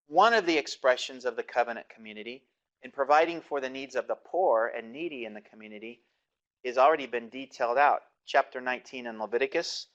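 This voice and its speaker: A man's voice: medium pitch, a bit bright, poor audio. Man, bible lecture, reads verses then unpacks them, loose with fillers. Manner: reads scripture aloud, then explains it with many fillers and restarts.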